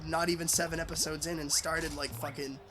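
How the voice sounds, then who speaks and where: A man's voice: fairly high pitch, flat delivery, brisk, background noise. A young man hosting a let's play, rambling and swearing in casual chat and laughing at his own jokes.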